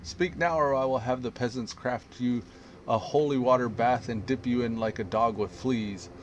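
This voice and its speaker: A man's voice: medium pitch, lively intonation, measured pace, slight background noise. A man voicing a zealous male holy inquisitor, reading threats in a theatrical, menacing, sermon-like way. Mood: fierce.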